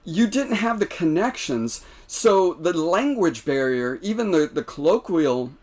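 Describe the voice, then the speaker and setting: An American man telling stories on a podcast, animated and laughing, with many restarts. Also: a little high, measured pace. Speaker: podcast guest. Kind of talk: casual storytelling.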